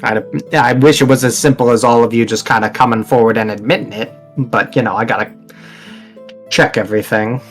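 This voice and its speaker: A man's voice: mid-range voice, fairly even intonation, fairly quick, soft background music. A man narrating a tabletop game as game master, in a casual, rambling way with many fillers.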